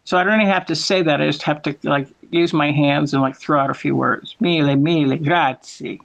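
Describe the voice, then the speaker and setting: Gravelly-voiced man telling rambling stories. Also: on the high side, fast, fairly bright tone. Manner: rambling, storytelling, with self-corrections. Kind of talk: casual chat.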